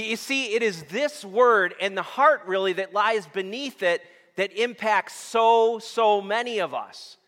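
A man's voice: sits high, sharp tone. A male pastor preaching a sermon to his congregation, asking them questions and waiting for answers. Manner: addresses the congregation with call-and-response questions. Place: church sanctuary. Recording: long hall reverb.

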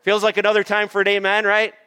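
A male pastor delivers an emphatic sermon with a high, bright and smooth voice. He draws out long repeated lists slowly and calls on the congregation for amens. The sound rings with a long church-hall reverb. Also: monotone. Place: church sanctuary.

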